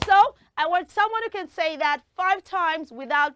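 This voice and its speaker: Bubbly high-voiced woman hosting for kids. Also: fairly bright tone, no echo, clean studio sound. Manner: bubbly and encouraging, heaps praise on the children; draws words out slowly when teaching the tongue twister. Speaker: children's TV show host. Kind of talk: lively hosting of a kids' quiz in front of a school audience.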